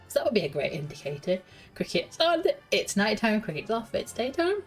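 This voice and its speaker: A woman's voice: mid-range voice, sing-song, brisk, faint music behind. A woman streamer casually thinking aloud and giggling as she plays through a game quest. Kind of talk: casual gameplay commentary.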